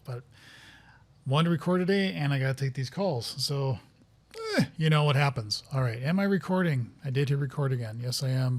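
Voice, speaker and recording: A man talking casually to viewers as he sets up a software project, rambling, thinking aloud and getting flustered by interruptions. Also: mid-range voice. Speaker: software developer streaming a coding session. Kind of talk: casual live-coding commentary.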